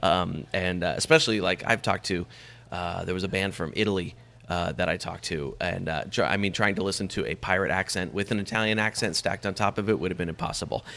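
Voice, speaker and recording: A man with a very low voice and a bright, forceful edge, chatting as a guest about his podcast. He rambles, restarts often and laughs easily. Faint background noise sits under the voice. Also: steady tone, fairly quick, gravelly. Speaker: podcast host, guest on another show. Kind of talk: casual interview chat.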